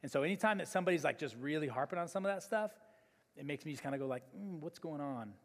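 A male pastor preaching a sermon, telling stories in an animated way with many fillers and restarts. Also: a little high, fast. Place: church hall. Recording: long church hall reverb.

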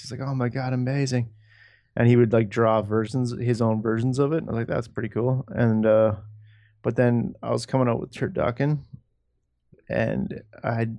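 A man's voice: mid-range voice, vocal fry, warm tone, no room sound, studio quality. A man co-hosting a podcast, telling a rambling story in casual chat, laughing often and swearing freely. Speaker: podcast co-host.

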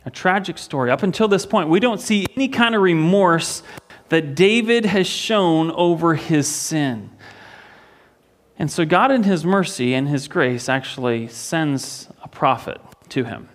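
Give me a man with a somewhat high voice preaching a sermon in a church. He tells the story earnestly and often repeats a word as he restarts a phrase. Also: animated, a little slow. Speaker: pastor.

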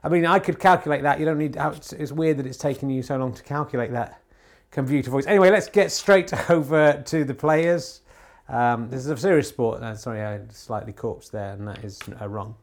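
Brief: male podcast host, dry ironic mock commentator, halting delivery full of "uh"s, home recording. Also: mid-range voice. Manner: rambling, many filler pauses; deadpan ironic humour. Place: home TV room.

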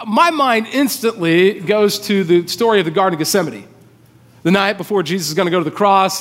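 High-voiced pastor in a reverberant hall. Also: male voice. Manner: conversational, informal preaching with asides. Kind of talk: sermon. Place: church hall. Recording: long reverb of a large hall.

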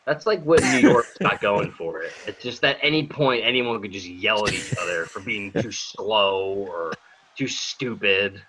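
A man co-hosting a podcast in casual chat, tossing out dry, deadpan quips. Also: fairly low pitch, moderate pace, slight background noise. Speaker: podcast co-host. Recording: dull lo-fi sound.

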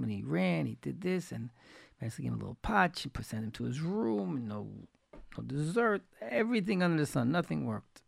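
A man with a rough, gravelly voice pitched a bit high tells folksy anecdotes in a Torah talk, repeating his key phrases to drive them home. The sound is dry and close, with no room around it. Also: a little mellow, no room sound. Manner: folksy, retells anecdotes with quoted dialogue. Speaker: religious teacher.

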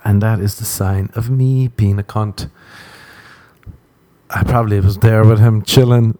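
A man's voice: on the low side, fairly even intonation, a little slow, dark tone, no echo. A man hosting a podcast, telling crude, rambling stories and acting out the quotes in a casual comic monologue. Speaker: podcast host.

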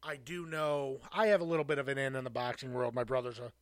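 A man's voice: medium pitch, steady tone, quick pace, a bit bright. A man co-hosting a podcast, telling a rambling anecdote in casual chat. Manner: rambling anecdote with fillers and laughs. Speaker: podcast co-host.

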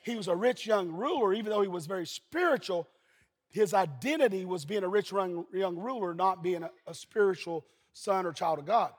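Every line of this sermon carries a long reverb. The preacher, a pastor from Eastern Kentucky with a husky, high-pitched voice, moves at a moderate pace through folksy stories and breaks into occasional shouts.

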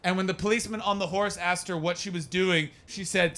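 Male standup comic, bright voice, a bit high, crude rambly storytelling, talks to the crowd. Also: steady tone, brisk. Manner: crude, rambling, self-mocking. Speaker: stand-up comedian.

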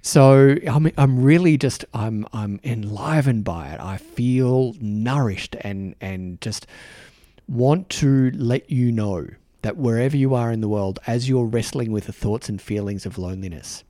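A man with an Australian accent, hosting a podcast and talking earnestly to the camera, halting and restarting his sentences often. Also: mid-range voice, dark tone, dry recording, studio quality. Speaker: podcast host. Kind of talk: reflective solo talk to camera. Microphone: microphone in front of him.

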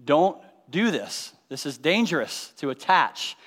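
Male Bible teacher, slightly high voice, long hall reverb, explains and quizzes listeners. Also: big pitch swings, a little slow, fairly bright tone. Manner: explanatory, asks the audience rhetorical questions. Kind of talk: teaching sermon.

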